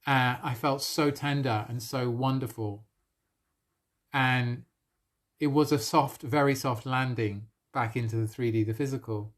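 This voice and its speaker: A man sharing a personal spiritual experience on a live stream, earnest and emotional, with soft laughs between phrases. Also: medium pitch, fairly even intonation, a little slow. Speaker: spiritual coach.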